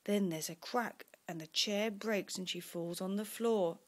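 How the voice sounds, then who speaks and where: A woman reading a bedtime story aloud to her young son, in a slow, lively storybook manner. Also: medium pitch.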